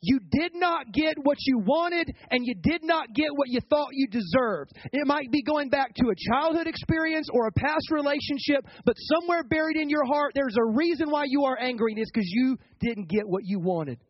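A man's voice: very high-pitched, animated, normal speed, hardly any pauses, dry recording, muffled recording. A man preaching as a pastor, conversational and colloquial, often restarting his words and asking the congregation for replies. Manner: asks the congregation for responses. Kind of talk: sermon.

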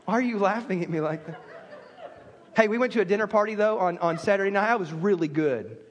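A man's voice: sits high, lively intonation, quick pace, long reverb tail. A man preaching a sermon as a pastor, telling stories with self-deprecating humor.

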